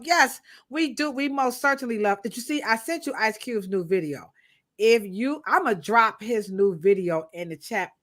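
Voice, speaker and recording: Bright-voiced playful woman co-host. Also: fairly high pitch. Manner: playful, slangy, laughing, talks to the chat. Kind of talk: casual live-stream chat.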